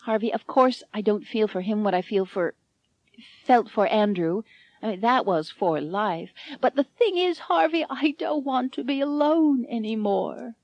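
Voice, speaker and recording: A woman voicing an elderly bride, sweet and sentimental, with a high fluttery voice. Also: lively intonation, unhurried, darkish tone, dry recording, dull audio. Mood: tender.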